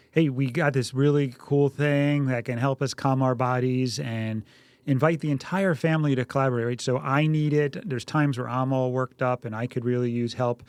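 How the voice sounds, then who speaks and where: A middle-aged man co-hosting a parenting show, his voice pitched midway for a man and recorded close and dry. He talks through practical tips casually and slips into animated voices when he plays out parent-and-child exchanges. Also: normal speed, clear, resonant tone, no echo. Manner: acts out parent dialogue in animated quoted voices. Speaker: podcast co-host, doctor. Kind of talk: casual parenting advice chat.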